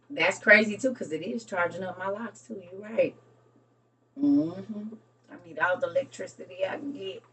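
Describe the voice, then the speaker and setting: A woman, chatting casually with her live stream viewers and talking to them as y'all. She gets excitable, breaks into laughter and has a young son. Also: medium pitch, distant mic, slight background noise. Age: adult with a young son.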